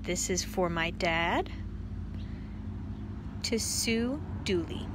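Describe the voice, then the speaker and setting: A woman priest reading a picture book aloud to children, animated and expressive, with playful sound effects. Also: lowish voice, drawn-out words, noisy background.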